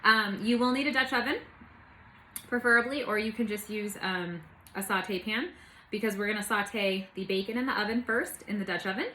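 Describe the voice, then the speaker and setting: A woman's voice: mid-range voice, normal speed, bright, forceful tone, slight background noise. Bubbly woman cooking at home. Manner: chatty and bubbly, with playful asides. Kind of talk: casual cooking demonstration. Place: home kitchen.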